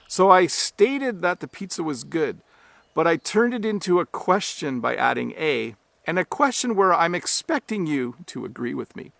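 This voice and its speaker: A Canadian man gives an English lesson in a slightly high, gravelly voice. He explains things clearly and steadily, as if to learners. The sound is dry and close. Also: big pitch swings, moderate pace, a bit bright, no room sound. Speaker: English teacher.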